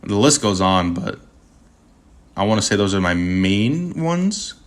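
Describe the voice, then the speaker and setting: A young man of Puerto Rican heritage chatting casually on a livestream, rambling and animated, with constant stammering restarts and slang. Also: fairly low pitch, unhurried. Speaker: streamer answering chat.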